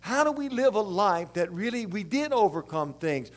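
An older man from South Louisiana with its accent, preaching a sermon in a rambling, folksy, animated way. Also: high voice, normal speed.

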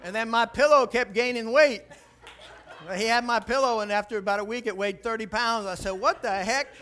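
Man, pastor, high voice, bright tone, sermon, lively storytelling. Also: fairly quick. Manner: animated storytelling, drops low and quiet for tense moments, then rises and preaches.

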